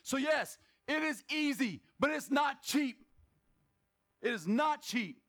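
A pastor preaching a lively sermon at a church service, asking the congregation questions, making joking asides and bursting into shouts for emphasis. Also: male voice, very high-pitched, slow pace.

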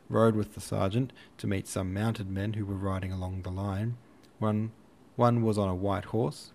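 Low-voiced male audiobook narrator. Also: gravelly, a little hiss or hum. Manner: steady, even storytelling. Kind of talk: scripted narration.

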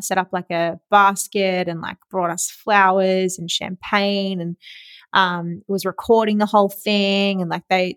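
Young aussie woman rambling on her podcast, excitable, laughy, bit sweary, dry close sound. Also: fairly low pitch, dry recording. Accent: Australian. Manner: chatty and excitable, laughs often, swears casually. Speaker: podcast host. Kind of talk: casual solo podcast storytelling.

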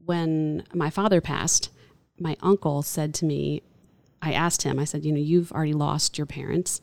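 Woman, chaplain, interview guest, low voice, earnest. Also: steady tone, moderate pace, creaky, darkish tone. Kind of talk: reflective interview talk.

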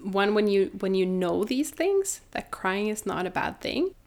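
A woman's voice: medium pitch, very animated, measured pace, a little mellow. A woman in her thirties, a mother and doula, telling her own story in an earnest, reflective way with many restarts. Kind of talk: personal storytelling in conversation.

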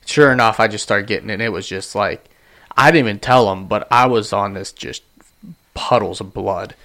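A man co-hosting a podcast, recounting a hunt in relaxed, plain casual chat. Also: lowish voice, moderate pace. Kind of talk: casual hunting story chat. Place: studio.

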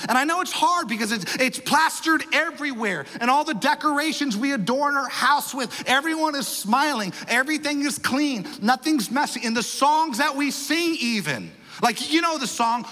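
Pastor, man, thirties, high bright preaching voice, animated and playful, church hall reverb. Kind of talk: sermon. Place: large church hall with congregation.

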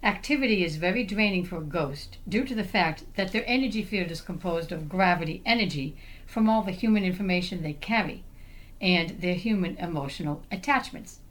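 A woman co-hosting a podcast, calmly reading out a prepared explanation in a measured way. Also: on the low side, low-quality recording. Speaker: podcast co-host.

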